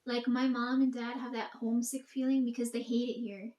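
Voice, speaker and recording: A woman's voice: a little high, flat delivery, a little fast, darkish tone, roomy sound, lo-fi sound. A young woman rambling to her audience in a casual monologue, swearing often and talking emphatically.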